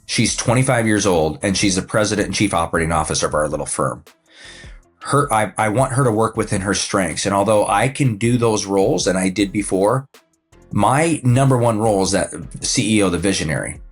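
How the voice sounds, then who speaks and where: A man in his fifties, a financial advisor and coach, talks about his work as a podcast guest in a relaxed, anecdotal way, with frequent fillers and restarts. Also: lowish voice, fairly quick, faint music behind. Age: 50s. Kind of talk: casual conversational storytelling.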